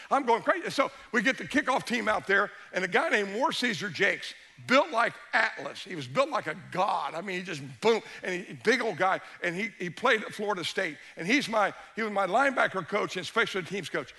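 A high-pitched man with a bright, forceful voice preaches to a congregation. He is middle-aged and tells his story with animated swings from hushed near-whispers to shouts. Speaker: pastor. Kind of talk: sermon storytelling.

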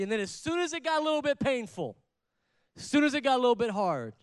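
A man preaching a sermon, leading the congregation in call-and-response and swinging between loud stresses and quiet asides. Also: very high voice, lively intonation, fast talker, clean tone, no room sound. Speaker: pastor.

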